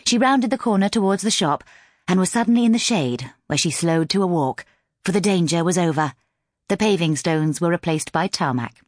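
Measured and expressive, a low-voiced woman narrates an audiobook close to a studio mic, with no echo on the recording.

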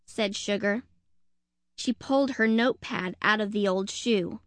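A woman narrating a children's audiobook in an expressive, deliberate storytelling manner. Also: mid-range voice, no echo, studio quality. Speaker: audiobook reader.

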